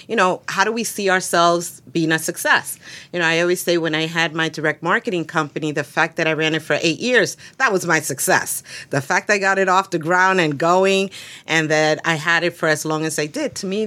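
A woman's voice: lowish voice, a bit bright. A woman hosting a podcast interview on a headset mic, enthusiastic and chatty. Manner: enthusiastic, chatty, laughs easily. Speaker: podcast host.

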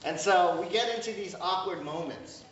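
A male pastor preaching a sermon in a conversational, animated way, often checking in with the congregation and acting out small exchanges. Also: high-pitched, moderate pace, a little hiss or hum. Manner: conversational, keeps asking "right?"; animated, acts out little dialogues. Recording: roomy echo, distant mic, dull sound.

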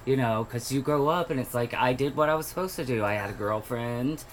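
A man's voice: medium pitch, fast, a crowd in the background, low-quality recording. Candid man in casual talk. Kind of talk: casual conversation.

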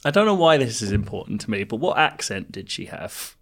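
A man's voice: fairly low pitch, big pitch swings, brisk, a bit bright. A man reacting eagerly and swearing freely in a casual chat.

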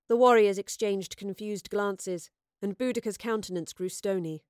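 A woman narrates an adventure story at a measured pace, shaping each sentence with quiet expression. Her voice sits in a middle register, and the recording is close and completely dry. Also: mid-range voice, smooth, dry recording. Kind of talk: audiobook narration.

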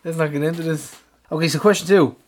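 A man's voice: fairly high pitch, fairly even intonation, quick pace. Chatty Irish man co-hosting a podcast. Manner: chatty, laughing storyteller. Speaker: podcast co-host. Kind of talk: casual chat.

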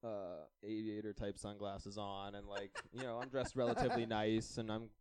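A man's voice: on the low side, moderate pace, smooth, no echo. A young man from Canada telling a long holiday anecdote in casual podcast chat, acting out the dialogue and laughing as he goes. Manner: animated anecdote-telling, acts out quoted dialogue, laughs often. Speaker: podcast co-host.

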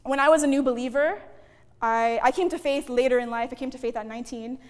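Woman preaching, high voice, chatty, keeps saying okay and guys, echoey hall. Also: quick pace. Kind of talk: sermon with personal story.

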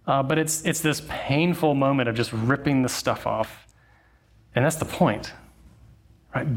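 A man giving a sermon in a conversational way, telling a story with fillers and asides. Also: mid-range voice. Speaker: pastor.

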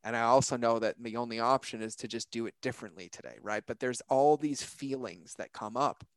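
Brisk and clear, this man's resonant mid-range voice carries an earnest, searching podcast chat. He speaks casually and reflectively, often using "like" and "right?". The recording is dry and close with little room around it.

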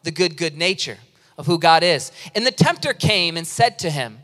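High-voiced preaching man, echoing hall. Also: normal speed. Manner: lively, conversational preaching with humorous stories. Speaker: pastor. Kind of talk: sermon. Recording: long reverb of a large hall.

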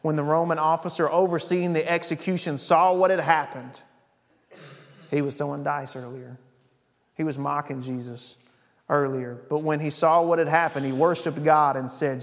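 A man's voice: medium pitch, steady tone, moderate pace. Preaching man in a reverberant church. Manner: reads scripture then preaches, voice surging in emphatic passages. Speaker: pastor. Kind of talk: sermon. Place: church sanctuary.

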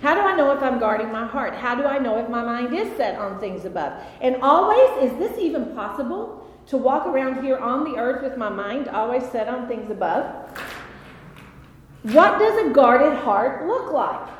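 Woman Bible study teacher, fairly high voice, animated and chatty storyteller, echoey hall with long reverb and faint noise. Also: moderate pace.

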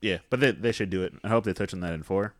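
Deep, fast-talking man recapping a movie. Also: no room sound. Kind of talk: casual movie recap chat.

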